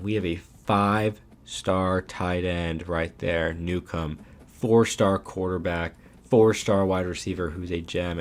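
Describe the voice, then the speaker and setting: A young man giving casual, animated commentary over his own video game footage, ranting and saying "man" often. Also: deep voice. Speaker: gaming YouTuber.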